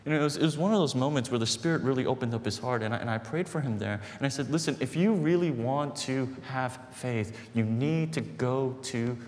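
A man's voice: mid-range voice, brisk, few pauses, darkish tone. A man preaching as a pastor, telling a story in an earnest, conversational way and building to emphatic points. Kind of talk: sermon storytelling. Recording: long hall reverb, faint background noise.

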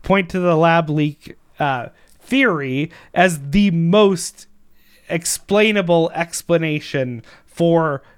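Male podcast host, slow and emphatic, smooth voice, dry close mic. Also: fairly high pitch, no echo. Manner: emphatic, sarcastic. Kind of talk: political commentary chat.

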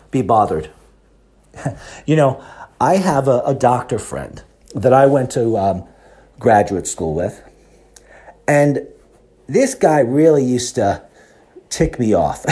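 A man's voice: mid-range voice, warm tone. A man in his fifties hosting a health talk, lecturing the audience and throwing in rhetorical questions. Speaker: host.

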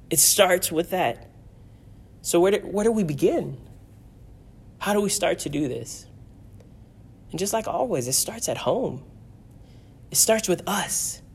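A man's voice: fairly high pitch, creaky. Earnest preaching man with repetitive emphasis. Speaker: pastor. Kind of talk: sermon.

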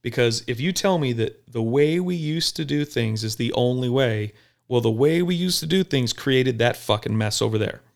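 Gravelly-voiced, blunt, profane man. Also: mid-range voice, normal speed. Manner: blunt, profane, animated storytelling. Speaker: police officer. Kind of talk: casual podcast talk.

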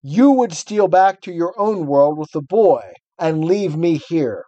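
Guy doing a bossy furious witch, way higher, yelling orders. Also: animated, unhurried, no room sound, dull audio. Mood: threatening. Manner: commanding, shouted orders. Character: furious imperious witch queen, threatening.

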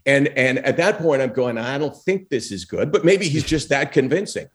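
A former talk show host telling lively stories as a podcast guest, acting out quotes and using lots of fillers. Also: male voice, medium pitch, moderate pace. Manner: animated storyteller, acts out quotes, frequent fillers. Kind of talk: storytelling in a podcast interview.

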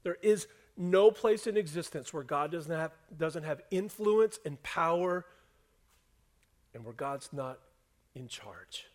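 A man preaching a sermon to a congregation, dropping to hushed lines and rising to loud, emphatic ones. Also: a little high, animated, slow pace. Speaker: pastor. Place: church hall before a congregation.

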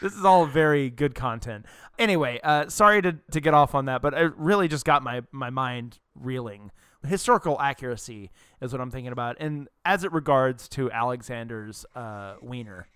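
A man's voice: mid-range voice, lively intonation, moderate pace, fairly bright tone, clean tone, no room sound, studio quality. A man co-hosting a casual movie podcast, joking crudely and rambling. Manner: joking, crude, rambling, puts on silly voices. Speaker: podcast co-host.

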